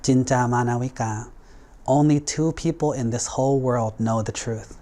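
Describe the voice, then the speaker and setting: A man's voice: mid-range voice, natural voice. A man voicing a serene wise teacher. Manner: quiet, even, unhurried.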